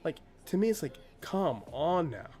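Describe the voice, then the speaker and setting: A man's voice: on the high side, very animated, normal speed, dark tone. A man hosting a reaction video, commenting in a sarcastic, exasperated way.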